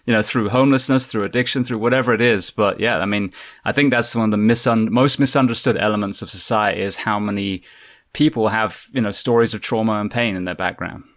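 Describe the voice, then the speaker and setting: Low-voiced male podcast host. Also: steady tone, fairly quick, fairly bright tone. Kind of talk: interview hosting.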